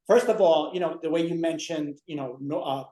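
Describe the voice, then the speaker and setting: A man's voice: on the high side, brisk, warm tone. A man in a casual chat, rambling through episode plots with lots of "you know"s. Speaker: guest co-host. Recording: roomy echo.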